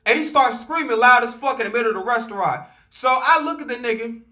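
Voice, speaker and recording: High bright-voiced young man telling a story. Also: fast. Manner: animated, profane, loose slang, acts out quotes. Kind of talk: casual storytime.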